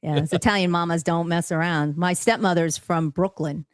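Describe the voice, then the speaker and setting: A woman's voice: on the low side, fairly even intonation, moderate pace, no echo. A woman with a New Jersey accent, chatting and telling stories with laughs as a podcast guest. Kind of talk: casual chat.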